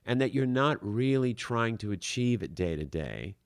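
A man's voice: mid-range voice, sing-song, normal speed, no room sound, clean studio sound. A man giving an earnest motivational talk, circling back on his points and saying "you know" often. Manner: earnest, repeats himself, frequent "you know".

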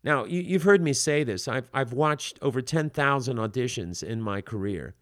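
An older man hosting an acting advice podcast, talking in an animated, emphatic way with many fillers. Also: mid-range voice, moderate pace, no echo, clean studio sound. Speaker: acting coach podcast host.

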